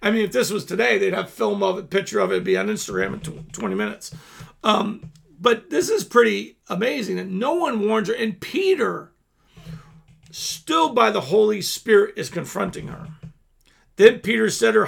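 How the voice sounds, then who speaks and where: A man's voice: sits high, very animated, normal speed, vocal fry, fairly bright tone, slightly rough. A man hosting a Bible teaching show, reading scripture aloud and explaining it in a loose, conversational way with frequent restarts.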